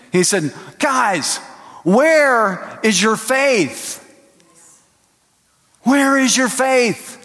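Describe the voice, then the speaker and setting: A male pastor delivers a sermon in a slightly high voice. He tells stories with animated acted-out voices and sometimes climbs to a shout. The sound carries a long reverb from the church hall. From Texas. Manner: animated storytelling, acting out voices and rising to shouts.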